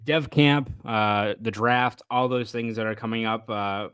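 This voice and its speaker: Low-voiced Boston reporter, rambling podcast talk. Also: male voice, fairly even intonation, a little slow, fairly bright tone, clear, resonant tone, dry recording. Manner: thoughtful, rambling, self-correcting. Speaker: sports reporter, podcast co-host. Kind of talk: casual sports podcast chat.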